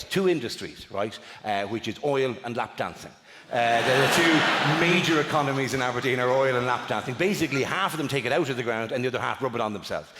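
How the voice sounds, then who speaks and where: A man with an Irish accent doing stand-up crowd work, teasing an audience member in rapid banter full of swearing. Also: medium pitch, heavy background noise. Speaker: stand-up comedian. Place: large theatre. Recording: echoey live theatre recording. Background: loud audience laughter.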